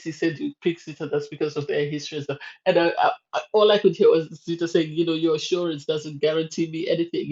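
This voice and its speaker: A woman's voice: on the low side, a little mellow. A woman giving a chatty, opinionated spoken review of a reality dating show. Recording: slightly dull lo-fi sound.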